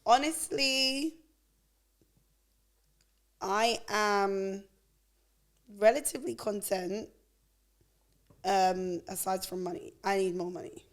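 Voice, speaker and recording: A woman co-hosting a podcast in casual chat, wry and quick to laugh. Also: mid-range voice. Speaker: podcast co-host.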